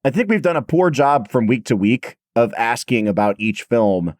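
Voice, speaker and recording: A man in his thirties co-hosting a podcast in casual chat, his voice hoarse and raspy, telling stories in a chatty, self-deprecating way. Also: medium pitch, lively intonation, normal speed, darkish tone, dry recording, studio quality. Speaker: podcast co-host.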